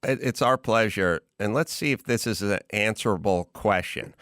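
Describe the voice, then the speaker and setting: A man hosting a podcast, chatting casually and riffing in a rambling, animated way. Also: fairly low pitch, moderate pace, no echo, clean studio sound. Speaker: podcast host. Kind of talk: casual chat.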